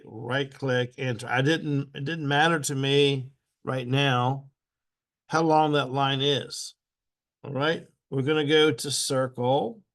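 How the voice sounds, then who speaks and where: Slow, patient male drafting instructor. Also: medium pitch. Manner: patient, repeats steps aloud. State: clearing his throat often. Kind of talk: step-by-step software tutorial.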